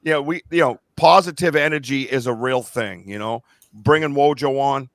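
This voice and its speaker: An earnest middle-aged man talking on a casual podcast, his voice catching with emotion now and then. His pitch sits in an ordinary male range. The sound is dry and close, with no room echo. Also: moderate pace, a bit bright. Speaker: podcast host.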